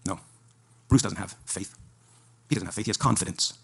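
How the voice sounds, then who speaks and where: A man giving a fervent debate speech to an audience at a live event, preaching in rapid-fire bursts. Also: sits low, gravelly, fairly bright tone, breathy edge.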